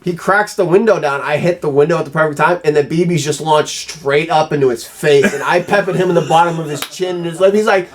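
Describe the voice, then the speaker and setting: A man chatting casually, telling animated stories full of swearing and acted-out quotes. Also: a little high, fast talker, hardly any pauses. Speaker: airsoft player. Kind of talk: casual chat.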